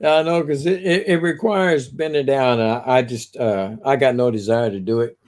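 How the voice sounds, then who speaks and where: A man's voice: mid-range voice, moderate pace, a little mellow. An older man chatting casually as co-host, easygoing and joking. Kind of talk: casual chat.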